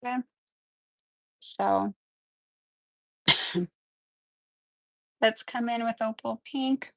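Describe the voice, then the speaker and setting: A woman hosting a live nail tutorial in a chatty, excitable way, often apologizing as she works. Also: a little high, very slow, gravelly. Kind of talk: casual live-stream tutorial.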